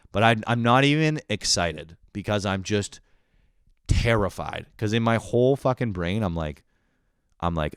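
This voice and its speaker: Man, deep voice, casual storytelling, profane, animated, dry room. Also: normal speed, clear, resonant tone, no echo. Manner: animated, profane, acts out his own panicked inner voice. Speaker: podcast host.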